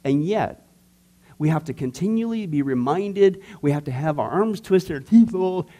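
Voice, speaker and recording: A man teaching a church discipleship class in a conversational, animated way, joking with the class and acting out everyday people. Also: a little high, moderate pace. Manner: conversational, jokes with the class, acts out skeptics.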